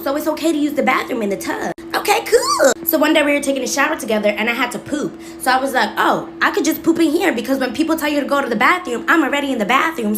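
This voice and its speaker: A woman telling a brash, profane, sassy comedic storytime. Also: sits high.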